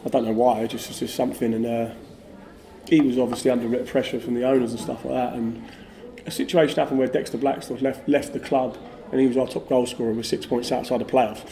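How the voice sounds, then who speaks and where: A former footballer on a podcast tells casual, animated anecdotes in a mellow, warm, medium-pitched voice at a quick pace. He's a lively, chatty storyteller who uses a lot of fillers like "like."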